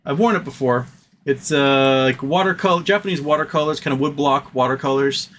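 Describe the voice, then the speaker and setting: A man hosts a casual live stream from a room at home, rambling through stories with plenty of fillers and side tangents. His voice is bright and forward, and a faint hiss of noise sits behind it. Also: medium pitch, fairly quick. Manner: rambling, animated storyteller with frequent fillers and asides.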